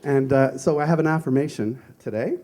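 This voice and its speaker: A fairly quick, mellow voice of medium pitch belongs to a man giving a Sunday sermon. In a conversational style, the minister relates personal stories and raises rhetorical questions.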